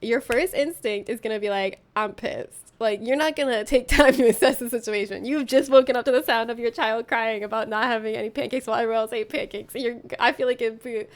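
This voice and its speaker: A young woman streaming live and chatting casually as she reacts to posts and chat. She giggles often and slips into silly voices. Her voice sits a little high. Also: fairly even intonation, quick pace, hardly any pauses.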